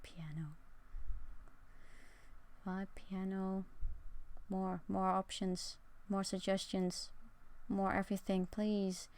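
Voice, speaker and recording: A woman's voice: medium pitch, flat delivery, takes it slowly, pauses often, a little mellow, a little hiss or hum. A young woman streaming from her bedroom, chatting casually with a rambling, sarcastic and self-mocking manner. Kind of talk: casual live-stream chat.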